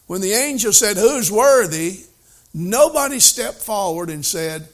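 A slow-paced preacher with a fairly high voice. He reads scripture in old wording, then explains it in plain talk, swinging from emphatic to hushed. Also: expressive. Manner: voice rises and falls widely, at times emphatic, at times hushed. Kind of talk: sermon.

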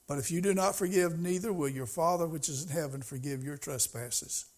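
A man's voice: on the high side, fairly quick. A middle-aged man preaching a sermon as pastor, in a folksy, conversational way that rises to emphasis.

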